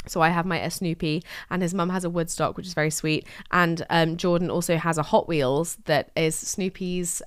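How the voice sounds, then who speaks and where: A woman's voice: fairly low pitch, clear, resonant tone, no room sound, studio quality. An English woman hosting a solo diary podcast, chatting in rambling, sweary, self-mocking rants. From England. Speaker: podcast host.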